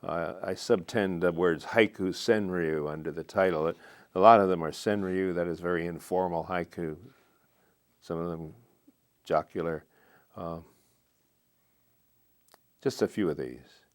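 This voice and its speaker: An older American poet reading his poems aloud and reflecting on them between readings, in a slow, measured way with thoughtful pauses. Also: deep voice, fairly even intonation. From United States. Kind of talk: poetry reading and reflective talk. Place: TV studio.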